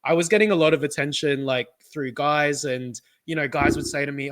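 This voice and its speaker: A man's voice: on the high side, a little fast, a bit bright. A young man co-hosting a casual podcast, telling personal stories in a chatty way and laughing often. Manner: chatty storyteller, laughs often, acts out relatives' voices. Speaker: podcast co-host. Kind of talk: casual chat.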